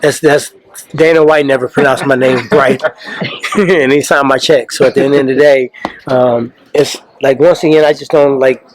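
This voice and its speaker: A man, a fighter, talking calmly and casually with slang in a press interview. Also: medium pitch, moderate pace, background noise. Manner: calm, laid-back, slangy. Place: press conference.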